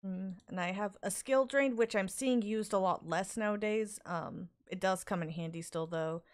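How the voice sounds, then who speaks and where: A woman's voice: medium pitch, moderate pace. A woman in casual podcast chat, talking hesitantly with fillers and restarts. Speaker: podcast guest.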